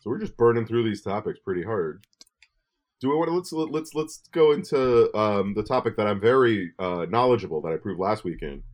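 A man co-hosts a podcast, talking quickly with a lively, swooping voice as he steers from one topic to the next. His manner is jokey and loose. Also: on the low side. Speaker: podcast co-host. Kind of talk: casual podcast banter.

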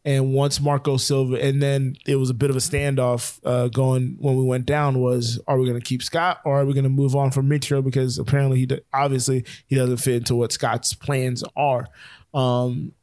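A young man talking sports on a podcast, rushing through his points with plenty of ums and self-corrections. His voice sits at an ordinary pitch and sounds dry and close to the mic. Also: little pitch movement, darkish tone, no room sound. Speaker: podcast co-host. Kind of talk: casual sports chat.

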